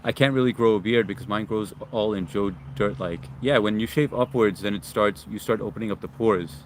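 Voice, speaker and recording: A man from Long Island, hosting a casual livestream outdoors in the sun, reading viewer comments and greeting them by name in a relaxed, friendly way. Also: fairly low pitch, fairly quick, slight background noise. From Long Island, New York. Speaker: livestream host.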